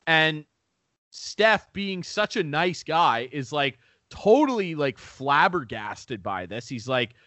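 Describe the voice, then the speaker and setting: A man co-hosting a casual podcast, spinning a profane, animated story. His voice sits a little high and jumps around a lot in pitch. The sound is dry and close. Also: slow pace, dry recording. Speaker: podcast co-host. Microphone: remote call mic.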